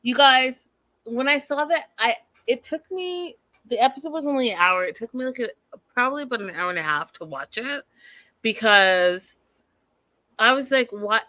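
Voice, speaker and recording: Chatty animated woman, bright voice. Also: on the high side, moderate pace, dry recording. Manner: chatty, animated, lots of "like" and asides. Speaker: host of a live TV recap show. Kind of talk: casual chat, reacting to live chat.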